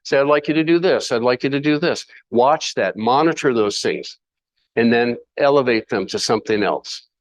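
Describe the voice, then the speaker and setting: A man's voice: mid-range voice, expressive, moderate pace, rough recording. A man preaching a sermon in a chapel, conversational and folksy, asking rhetorical questions. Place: church meeting room.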